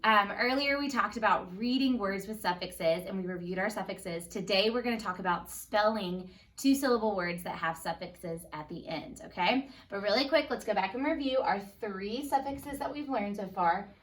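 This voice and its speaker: Patient first grade teacher, woman, slow clear phonics, slightly distant mic. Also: mid-range voice. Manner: upbeat, patient, sounds words out slowly. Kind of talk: phonics lesson for young children.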